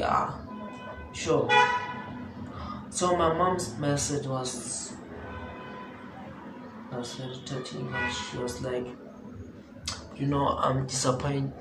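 A young man telling a storytime vlog in a rambling way, repeating phrases and correcting himself. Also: mid-range voice. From South Africa. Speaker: vlogger. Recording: echoey room with background noise.

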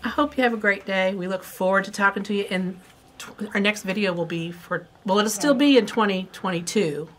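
A woman's voice: mid-range voice, brisk, fairly bright tone. A woman hosting a quilt shop video, chatting casually about fabric and kits with a rambling, playful manner. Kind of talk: casual product chat.

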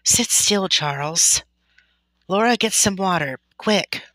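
A woman reading aloud, doing a frightened pioneer mother's voice, pitched up and loud with alarm. She scolds in a bright, tense tone that cracks toward tears. The sound is close and dry. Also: animated, slow pace, no echo, low-quality recording. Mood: urgent. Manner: scolds shrilly, then breaks down sobbing.

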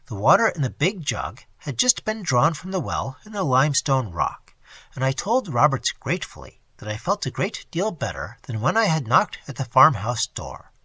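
A man narrates a classic story with a bright, forceful tone and a slightly husky edge. His pitch rises and falls widely as he reads in a measured, expressive way. The recording is dry and close. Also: no room sound. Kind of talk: audiobook reading of a classic story.

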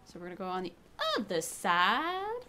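A woman host giving casual, excitable let's play commentary, chatty and swearing freely. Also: lowish voice, normal speed. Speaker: gaming video host.

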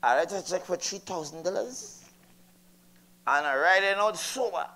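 A man's voice: sits high, lively intonation, normal speed, pushed and bright. An older man with a Trinidadian accent performing a stand-up comedy routine, chatty and teasing the audience. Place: live comedy venue.

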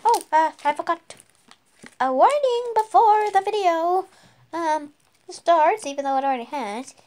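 A young woman hosts her own channel in a playful, giggly vlog chat, frequently starting over and laughing at herself. Her voice is very high, animated, and a little mellow, with a measured pace.

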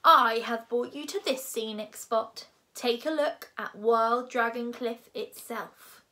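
A woman voicing a huge, loud male Viking drill instructor who barks orders, as a storybook reading. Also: on the high side, a little slow. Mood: bellowing. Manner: bellowing, commanding.

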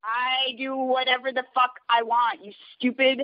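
A woman's voice: high voice, little pitch movement, a little slow, no echo. A woman on a phone call, furious, profane and threatening. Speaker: caller. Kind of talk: heated phone argument. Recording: dull phone-line audio.

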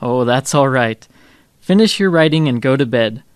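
Guy voicing a calm dad explaining stuff for homework, mid pitch, dry close sound. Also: moderate pace, clear, resonant tone, no room sound, close to an everyday voice. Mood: patient. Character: father helping his child with homework. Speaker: textbook audio actor. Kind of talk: scripted textbook dialogue.

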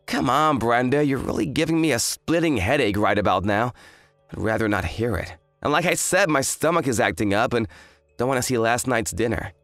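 A man's voice: medium pitch, animated, a little fast, a bit bright, no room sound, soft background music. A man voicing an arrogant, hungover young fiancé who talks in a smug, dismissive drawl. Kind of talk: dramatized story voice acting.

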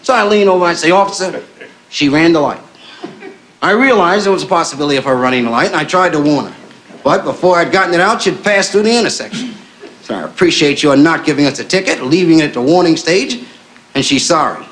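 A man performing live stand-up, telling a story in a playful, animated way. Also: a little high, quick pace. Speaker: stand-up comedian. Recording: noisy live recording with audience laughter.

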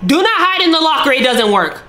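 A young woman reacting to a movie with loud, animated commentary, often yelling at the screen. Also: high-pitched, fairly quick, background noise. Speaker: YouTuber reacting to a film. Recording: film soundtrack playing behind.

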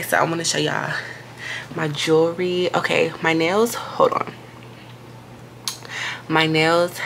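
Young pregnant woman vlogger, low gravelly voice, casual and self-hyping, noisy background. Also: a bit bright. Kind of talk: casual vlog chat to camera.

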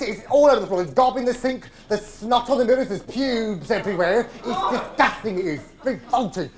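A man with an English accent playing a camp, waspish older comic actor in a live theatrical monologue, gossipy and crude with indignant outbursts. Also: extremely high pitch. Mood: indignant disgust. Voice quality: camp, drawn-out theatrical delivery. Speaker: stage actor in a one-man show.

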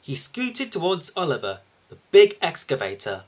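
A man reading a children's picture book aloud for his video channel, expressive and lively. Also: mid-range voice, a little slow, husky, low-quality recording. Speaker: YouTube storybook reader.

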